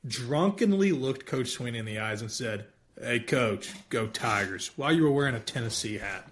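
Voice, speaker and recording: A man's voice: mid-range voice, expressive, fairly quick, a little hiss or hum. A man co-hosting a podcast who teases his friends in casual banter. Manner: teasing, banter. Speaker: podcast co-host. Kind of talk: casual chat.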